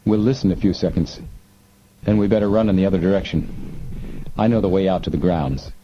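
A man reading an audiobook, voicing a middle-aged male detective who gives low, firm orders. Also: a little fast, highs cut off, slight background noise, lightly acted. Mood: urgent.

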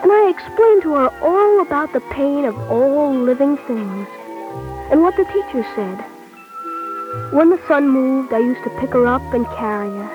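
A woman's voice: high voice, animated, moderate pace. Woman voicing a solemn young boy. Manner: gentle, solemn storytelling. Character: earnest young boy telling his own sorrow. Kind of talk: old radio drama narration. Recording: dull lo-fi old recording with music.

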